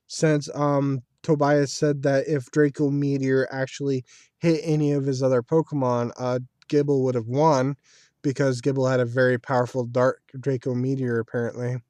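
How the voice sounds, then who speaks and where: A man's voice: medium pitch, flat delivery, moderate pace, warm tone, no echo. A man giving casual solo commentary as a video creator, talking in a chatty, rambling way like a fan. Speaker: video creator reviewing an anime series.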